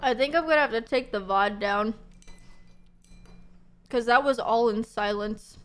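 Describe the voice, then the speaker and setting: A young woman with a high voice talks casually to her stream chat at a relaxed, unhurried pace. She is giggly and chatty, full of fillers and swearing, speaking into a desk microphone. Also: clear, resonant tone.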